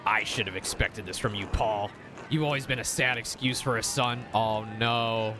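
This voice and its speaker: A man's voice: fairly low pitch, fairly even intonation, moderate pace, over music, lightly acted. A man doing a scornful old miller tyrant. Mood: contemptuous. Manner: contemptuous, scolding. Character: harsh bullying older male miller, domineering.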